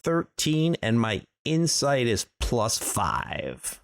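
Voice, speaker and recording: A man's voice: medium pitch, wildly swooping pitch, slow, creaky, dry recording, clean studio sound. A man playing a tabletop game, explaining his moves in friendly table talk. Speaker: player. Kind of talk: tabletop role-play.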